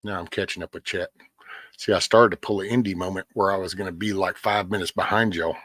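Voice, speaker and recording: A middle-aged man hosts his own live stream, rambling along and greeting viewers by name. His voice is husky and sits low, and the sound is close and dry with no room echo. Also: steady tone, quick pace, fairly bright tone. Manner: rambling, talks to chat by name. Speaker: livestream host. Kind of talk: casual live-stream chat.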